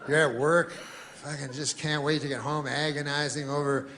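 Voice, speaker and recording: Man telling a rambling deadpan joke. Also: fairly high pitch, normal speed. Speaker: stand-up comedian. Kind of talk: stand-up comedy routine. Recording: archive clip with loud crowd laughter. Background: audience laughter.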